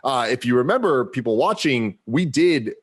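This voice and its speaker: A man's voice: mid-range voice, very animated, normal speed, husky. A man co-hosting a podcast, chatting casually and rambling with many fillers. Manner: rambling with many likes and restarts. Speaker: podcast co-host. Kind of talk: casual chat.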